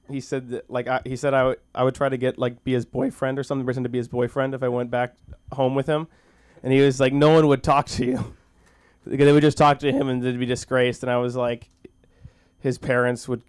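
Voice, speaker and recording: A man working a small comedy school stage at an open mic, rambling through his set with stops and restarts. His voice comes across smooth and clean, close and dry on a handheld mic. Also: medium pitch, flat delivery, darkish tone, no room sound. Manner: rambling, halting, with frequent restarts; self-deprecating and goofy. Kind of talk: stand-up comedy and recited monologue at an open mic.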